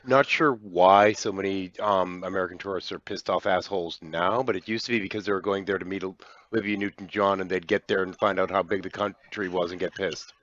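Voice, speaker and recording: Bright-voiced, wry man in voice chat. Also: sits low, fairly even intonation, a little fast, no room sound, lo-fi sound. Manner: wry, sarcastic, rambling asides. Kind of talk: casual group voice chat.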